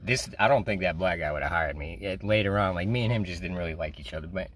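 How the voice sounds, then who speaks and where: Low-voiced New man telling a story. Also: fast talker, a bit bright. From New York. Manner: profane, rambling, laughs often. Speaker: vlogger. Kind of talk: casual storytelling.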